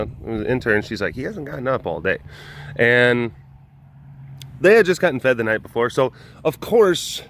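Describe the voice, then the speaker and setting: A man vlogging at a wild animal facility, cooing in high baby talk at the animals and joking between stories about them. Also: fairly bright tone, a little hiss or hum. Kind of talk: casual vlog talking to animals.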